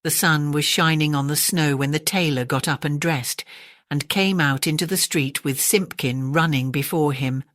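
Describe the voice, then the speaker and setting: A woman with an English accent reading a classic children's story aloud, gentle and expressive. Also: low-pitched, moderate pace, dry recording, clean studio sound. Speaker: audiobook narrator.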